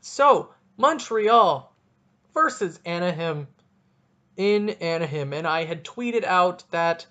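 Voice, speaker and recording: A young man hosting a solo casual podcast, rambling and joking at himself in an animated way. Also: a little high, unhurried, muffled recording. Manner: rambling, jokey, animated, self-deprecating. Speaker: podcast host.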